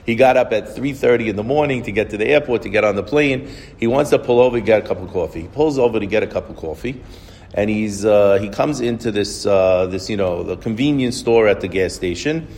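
A man's voice: medium pitch, creaky, darkish tone, in a large hall, slight background noise. A man giving a religious talk, telling a story in a conversational, repetitive way with frequent restarts. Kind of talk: sermon-like storytelling.

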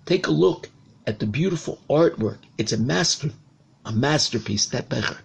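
A man's voice: medium pitch, lively intonation, normal speed, vocal fry, a little hiss or hum. A man voicing a guilty goldsmith who pleads earnestly with a king. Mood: coaxing.

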